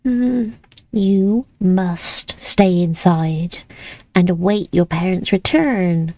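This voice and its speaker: A woman's voice: fairly low pitch, extremely slow, warm tone. A woman playing a possessive, controlling caretaker. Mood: insistent. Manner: cool, insistent and manipulative. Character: possessive, controlling female caretaker of a young lady.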